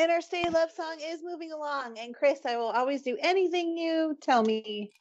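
A woman's voice: high voice, moderate pace, dull audio. A woman hosting a casual podcast, teasing her co-hosts and moving the discussion along. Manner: playful, teasing, moves things along. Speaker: podcast host running the bracket.

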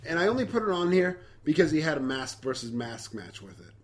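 A man co-hosting a casual wrestling podcast, animated, swearing freely and acting out quotes. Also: a little high, fairly quick. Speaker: podcast co-host.

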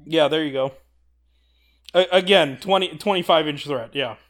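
A man's voice: a little high, normal speed, a bit bright. A man co-hosting a podcast, casually and enthusiastically breaking down tabletop game rules, laughing often. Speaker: podcast co-host.

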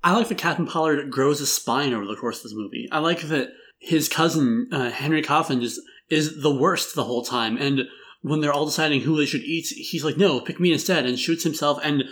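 Brief: man in casual film podcast talk, wry humor, somewhat high-pitched, loose rambling delivery. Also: fairly quick, a bit bright. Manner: wry, rambling, laughs through jokes. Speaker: podcast host. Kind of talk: casual film review chat.

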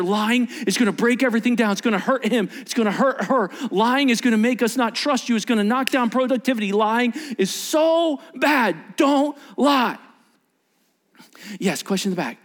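A male pastor preaching a sermon, acting out dialogue and swinging between loud bursts and hushed near-whispers. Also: high-pitched, moderate pace.

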